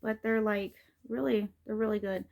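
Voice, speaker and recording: A woman's voice: mid-range voice, fairly even intonation, normal speed, gravelly, darkish tone. A middle-aged woman vlogging in a casual, rambling way, with many fillers and restarts. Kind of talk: casual rambling vlog talk.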